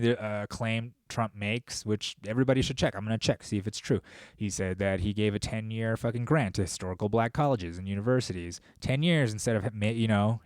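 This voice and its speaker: A man hosting a podcast, talking in a casual, profane, rambling monologue with bursts of animated storytelling. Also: lowish voice, no echo, clean studio sound. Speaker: podcast host.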